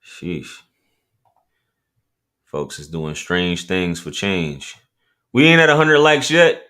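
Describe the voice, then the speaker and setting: A man's voice: low-pitched, big pitch swings, slow pace, pushed and bright, clean tone. A man hosting a casual livestream, joking and bantering with viewers in loose, slangy talk. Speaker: livestream host.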